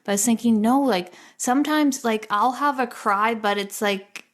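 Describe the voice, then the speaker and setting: A woman co-hosting a podcast, telling a personal story in a rambling, chatty way, full of "like" and quick laughs. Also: fairly high pitch. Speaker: podcast co-host. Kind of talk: casual storytelling chat.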